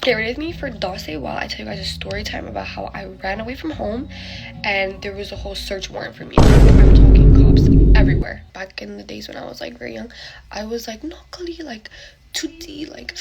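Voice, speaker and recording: A woman's voice: fairly high pitch, quick pace, over music. Chatty young woman with whispery asides. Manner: chatty, lots of fillers, breathy half-whispered asides, acts out quotes. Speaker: storyteller. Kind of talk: get-ready-with-me storytime.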